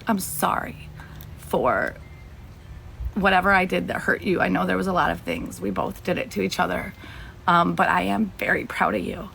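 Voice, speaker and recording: A woman's voice: fairly low pitch, gravelly, a bit bright, slight background noise. A woman in her thirties streaming live to viewers, talking through personal matters in a rambling, heartfelt way with many fillers and restarts, a little teary. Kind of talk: emotional personal talk to viewers.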